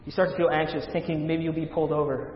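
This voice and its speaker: A male pastor preaching a sermon, rising loud on scripture readings and dropping to a hush at the ends of points. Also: flat delivery, fast, slight background noise. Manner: dramatic swells of volume on scripture, hushed low endings. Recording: echoey hall, dull lo-fi sound.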